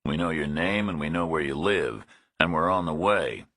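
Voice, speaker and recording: A tough, blunt male hero speaks in a flat, matter-of-fact way, voiced by a male narrator. His voice is extremely deep and husky. The sound is dry and close-miked. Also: moderate pace, no echo, heavily acted. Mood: threatening. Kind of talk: audiobook character voice.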